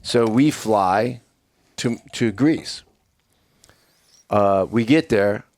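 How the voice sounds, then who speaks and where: A middle-aged man telling a story as a podcast guest, with a lower-pitched voice. He curses freely and acts out other people's lines with animated energy. The sound is dry and close. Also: very slow, dry recording. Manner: animated, swearing, acts out dialogue. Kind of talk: profane storytelling.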